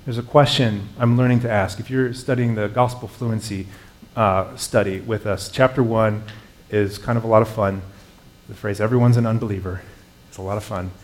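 A man's voice: fairly low pitch, fairly even intonation, normal speed. A man, a pastor with young children, preaching a sermon in an earnest, conversational way, rising into emphatic passages.

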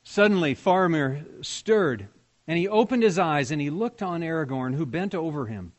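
A man preaching to his congregation in a conversational way. His voice sits a little high for a man. He keeps asking the people in front of him questions. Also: animated, normal speed. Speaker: pastor. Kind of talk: sermon.

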